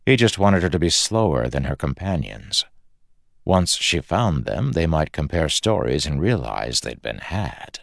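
A very deep male narrator with a gravelly texture reads a fantasy story in measured, dramatic tones. His intonation moves widely, and the close, dry recording keeps every rasp present. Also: big pitch swings, no echo. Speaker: audiobook narrator.

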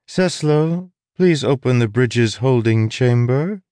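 A man's voice: medium pitch, expressive, mellow, no room sound, pitched above the performer's own voice. A man voicing a powerful, condescending sorceress in an audiobook, drawing out her lines in amusement. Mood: amused. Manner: condescending, drawn-out. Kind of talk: audiobook character voice.

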